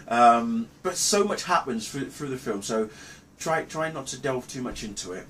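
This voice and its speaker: A man recapping a film's plot in a casual review, rambling and halting with many ums and restarts. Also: mid-range voice, lively intonation, a bit bright, slight background noise. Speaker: movie reviewer. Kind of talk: casual spoken film review.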